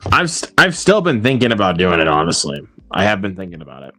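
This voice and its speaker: Laid-back man chatting, quick laughs. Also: low voice, huge pitch swings, bright, forceful tone, faint music behind. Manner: laughs easily, repeats words while thinking aloud. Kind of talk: casual chat.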